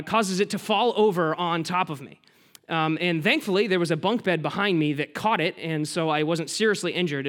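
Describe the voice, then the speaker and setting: A pastor with a noticeably high-pitched voice delivers a relaxed, conversational sermon. He jokes about himself and speaks straight to the people in front of him, asking them questions. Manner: conversational, self-deprecating humor; addresses the congregation directly.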